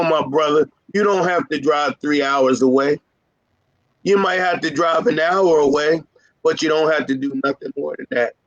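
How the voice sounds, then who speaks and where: A man with a high-pitched speaking voice gives business advice to carpet cleaners. He talks in a fired-up, emphatic way, repeats his key points and teases his audience. The sound is dry and close, with no room echo. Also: lo-fi sound. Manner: emphatic, fired-up and repetitive, teasing his listeners. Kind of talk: informal motivational business talk.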